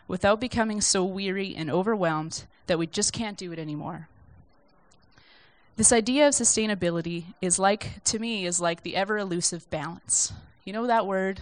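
A woman's voice: lowish voice, fairly bright tone, dry recording. A young woman giving an informal sermon from notes in a conversational, reflective, self-deprecating way. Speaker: speaker sharing a church message.

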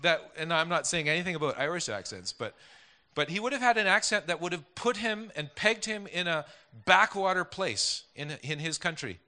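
A man's voice: a little high, animated, normal speed, pushed and bright. A man preaching a conversational sermon, rambling with many restarts and asides. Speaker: pastor.

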